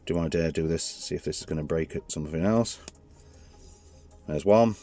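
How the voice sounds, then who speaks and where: At a normal speed, a man with a very deep, low, mellow voice rambles through a hands-on toy review, chatting loosely and frequently correcting himself partway through sentences. Faint music runs underneath.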